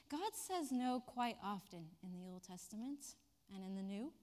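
A woman preacher delivering a sermon with animated, dramatic storytelling. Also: medium pitch, moderate pace, long reverb tail.

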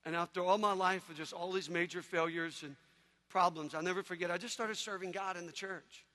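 A man preaching an energetic sermon, telling stories with animated shouts and sudden hushed drops. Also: high voice, fairly quick, long reverb tail. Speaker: evangelist speaker.

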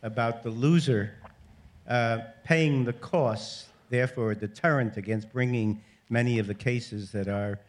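A man's voice: mid-range voice, unhurried. A man who is a lawyer asking a long, formal question from an audience microphone, with hesitant restarts.

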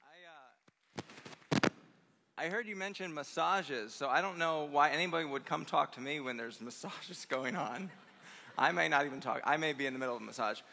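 A man preaches to a college audience in a sermon full of personal stories, upbeat and effusive, often chuckling. His voice sits fairly high, bright and forceful with a gravelly edge. The sound rings with the long reverb of a big hall. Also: moderate pace, pauses often, slight background noise. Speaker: guest speaker at a college chapel conference. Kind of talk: conference sermon with personal storytelling.

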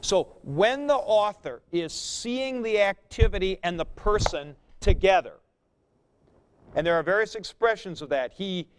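A middle-aged man lecturing on grammar with a high, smooth, resonant voice. He talks slowly and deliberately, folksy and emphatic, building his points from everyday examples. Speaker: teacher.

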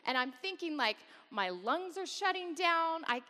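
A woman's voice: very high-pitched, very animated, measured pace, pushed and bright. Woman telling a candid story in a big hall. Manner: candid, self-deprecating, with wry humor. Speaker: guest speaker at campus worship. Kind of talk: personal storytelling talk. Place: large worship hall. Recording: long reverb of a large hall.

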